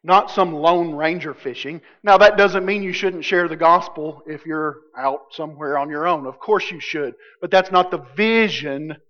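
A man's voice: on the high side, moderate pace, hardly any pauses, a bit bright. A man preaching a sermon as pastor, conversational and jokey, acting out quotes from his listeners. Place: church sanctuary. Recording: dull sound with long hall reverb.

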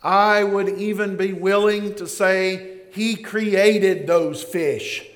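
A man preaching a sermon in a lively, joking way, acting out the scenes he describes. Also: sits high, slow pace. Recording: long reverb of a hall.

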